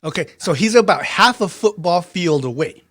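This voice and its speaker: A man with a high-sitting voice narrates as game master of a tabletop game. He's animated, laughs easily, and acts out the characters.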